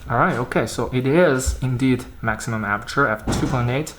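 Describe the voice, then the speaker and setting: A man doing a casual unboxing vlog about camera gear, chatting in a halting way and thinking aloud as he handles the lens. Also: medium pitch, noisy background. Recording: roomy echo.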